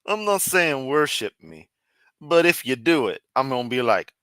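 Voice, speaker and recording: A man giving sarcastic, profane reaction commentary on a video he is watching, with deadpan asides. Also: mid-range voice, normal speed, no room sound.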